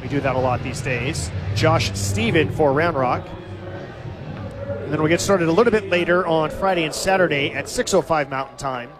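A man calling live baseball play-by-play as the team's announcer, giving steady, stat-heavy recaps of the game. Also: a little high, normal speed, background noise.

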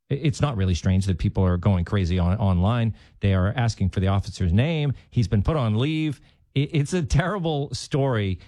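Mellow guy doing talk radio, kinda halting, dry booth, faint music. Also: mid-range voice, no echo. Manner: musing, halting, with restarts. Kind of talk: casual talk radio commentary.

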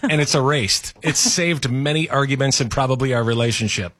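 A man's voice: mid-range voice, fairly quick, fairly bright tone. A man co-hosting a casual chat show, joking and laughing as he reads listener texts. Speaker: radio co-host.

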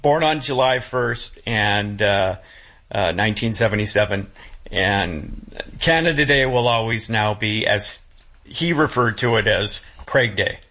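A man talking as a guest in casual chat, halting and full of restarts, close to tears. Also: fairly low pitch, pushed and bright. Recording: dull lo-fi sound.

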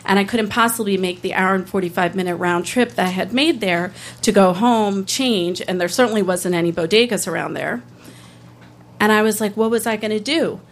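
A woman, a public defender, telling a true personal story on stage in an earnest, candid way with halting restarts. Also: mid-range voice. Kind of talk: live first-person storytelling.

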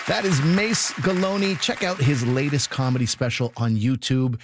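A man hosting a comedy show, giving measured announcements and introducing comedians. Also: mid-range voice, over a noisy crowd, heavy background noise.

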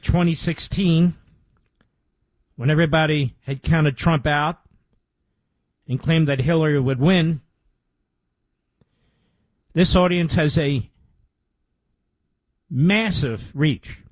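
A man's voice: fairly high pitch, takes it slowly, long pauses, dry recording, rough recording. A man hosting a radio talk show, speaking in an emphatic, self-assured on-air monologue.

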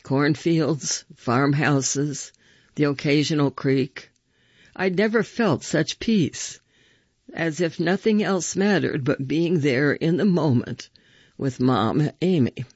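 A man reading first-person stories aloud with measured, expressive storytelling. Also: on the high side, husky, no echo, lo-fi sound.

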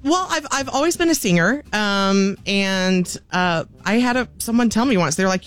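A woman's voice: mid-range voice, expressive, moderate pace, hardly any pauses. A woman guest chatting casually on a morning radio show, giggly and talkative. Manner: giggly, chatty, laughs often. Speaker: guest, tribute singer.

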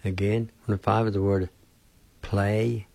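A man leads a language lesson on the radio, reading out spellings and pronunciations one careful step at a time. His voice is deep and warm, and he sets an unhurried pace. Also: level tone, gravelly, no echo. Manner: slow, careful spelling and pronouncing of words. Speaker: language teacher and radio host.

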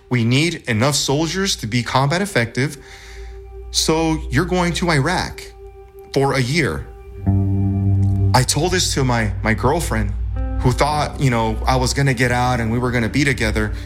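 Casting note: male veteran in his thirties, candid storyteller, mid-pitched voice, soft music underneath. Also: a little slow. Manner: candid, conversational, reenacts shouted moments. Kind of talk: personal storytelling.

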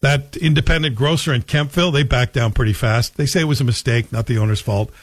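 Combative talk radio host. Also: male voice, medium pitch, fast, dry recording. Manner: combative, emphatic, folksy storytelling. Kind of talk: opinionated radio monologue. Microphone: studio microphone.

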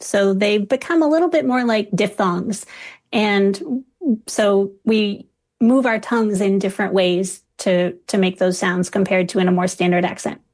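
A woman linguist guest on a radio show, explaining accents in a clear, lecture-like way. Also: mid-range voice, unhurried, a little mellow. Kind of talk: expert interview.

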